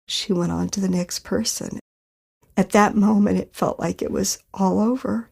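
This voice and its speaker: A woman telling a personal story for a podcast in a slow, measured way, pausing often. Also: medium pitch, steady tone, creaky, a little mellow, slightly rough. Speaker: storyteller recounting her own experience.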